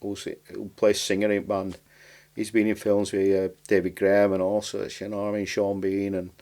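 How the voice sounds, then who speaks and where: A man's voice: fairly low pitch, monotone, moderate pace, darkish tone. A man with a Barnsley accent, chatting as a podcast guest in a rambling way, with broad dialect and dropped words. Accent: Barnsley, South Yorkshire. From Barnsley, England. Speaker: podcast guest, writer and comedian. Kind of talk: casual interview chat.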